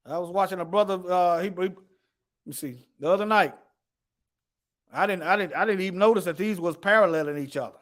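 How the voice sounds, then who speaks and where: A man's voice: high voice, a bit bright. A man teaching the Bible in an emphatic preaching style, reading scripture aloud and addressing his listeners directly. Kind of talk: preaching to an online audience.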